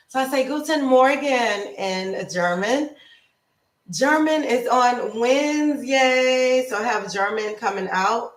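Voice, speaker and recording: A woman hosting a casual livestream, chatty and upbeat, greeting viewers by name and wandering between topics, slowing down to pronounce foreign words. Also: fairly bright tone, roomy sound, rough recording. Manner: slows down to pronounce foreign words with bursts of high pitch. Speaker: lifestyle and nutrition livestream host.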